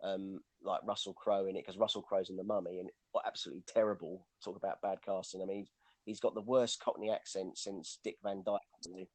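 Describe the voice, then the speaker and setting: Male podcast co-host, low voice, rambling casual film talk, dry sound. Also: level tone, a little fast, darkish tone, no echo. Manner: rambling, lots of restarts and "you know".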